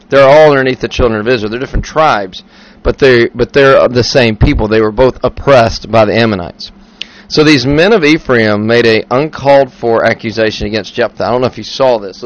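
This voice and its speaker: Male pastor, conversational sermon delivery, mid-range voice, lo-fi. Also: mid-range voice. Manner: conversational preaching with asides and restarts.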